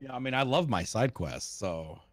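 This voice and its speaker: A man playing in a tabletop game who makes low-key, dry remarks. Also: expressive, moderate pace, no echo. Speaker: player.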